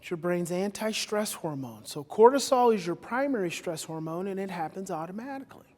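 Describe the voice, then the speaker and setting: A man giving a live talk to an audience, energetic and repetitive, with loud emphatic bursts. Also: high-pitched, brisk. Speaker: speaker on stage. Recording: reverberant hall.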